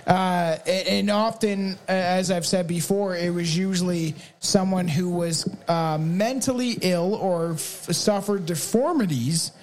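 A man's voice: sits high, unhurried, few pauses, a little mellow. A man co-hosting a podcast, reading folklore notes in casual chat with frequent laughs and restarts. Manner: rambling, laughing often, restarts. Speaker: podcast co-host.

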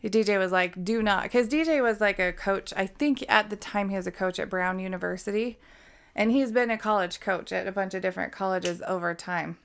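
A woman's voice: mid-range voice, a little fast, clear, resonant tone. A young adult woman from Utah co-hosting a casual true crime podcast, blunt and swearing, laughing often. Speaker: podcast co-host.

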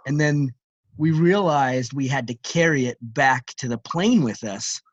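A middle-aged man of middle pitch co-hosts a casual podcast and spins an animated story full of fillers and restarts. His voice sits dry and close, with a slightly dull, lo-fi tone. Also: a little slow, dry recording. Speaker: podcast co-host.

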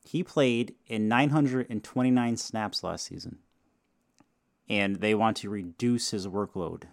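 A man's voice: on the low side, creaky, no echo, clean studio sound. A man co-hosting a casual football podcast, hesitant and prone to laughing, tired after an illness. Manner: unhurried, laughs often, hesitant. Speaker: podcast co-host. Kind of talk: casual sports chat.

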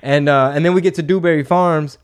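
A man's voice: fairly high pitch, quick pace. A man in his thirties telling a story in casual podcast chat, swearing freely and acting out what people said. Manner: profane, animated, acts out quotes. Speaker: podcast host.

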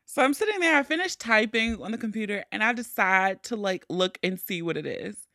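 A young woman hosting a podcast, telling a story in a casual, animated way, swearing freely and shrieking when she acts out moments of panic. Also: fairly high pitch, fairly quick, hardly any pauses, dry recording, clean studio sound. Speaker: podcast host.

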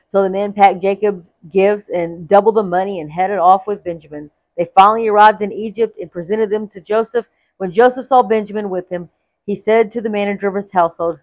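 A woman's voice: medium pitch, fairly even intonation, a little fast, a little mellow, no echo. A woman narrating a Bible story aloud, reading expressively and acting out the quoted lines. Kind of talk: read-aloud scripture storytelling.

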